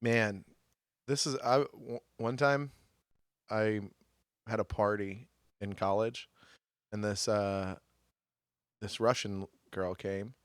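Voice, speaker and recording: A man's voice: fairly low pitch, clear, resonant tone, dry recording, clean studio sound. A young man co-hosting a comedy podcast, chatting casually in a joking, blunt and crude way. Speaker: podcast co-host.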